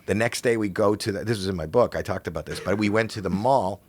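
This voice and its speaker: An older man from Canada, a podcast guest, telling animated stories in casual chat with rambling restarts. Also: fairly low pitch, fast.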